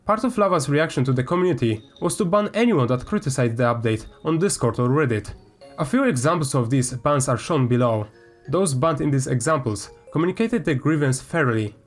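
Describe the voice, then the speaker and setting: A man's voice: medium pitch, animated, brisk, faint music behind. A man, a gaming YouTuber, reads a statement aloud and breaks into heated, swearing commentary. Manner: heated, swearing, flares up loudly. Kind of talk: reading aloud and ranting commentary.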